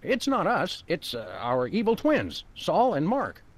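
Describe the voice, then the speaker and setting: A man voicing a deadpan, dry-witted male dog detective in a video game. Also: high-pitched, measured pace, exaggerated voice.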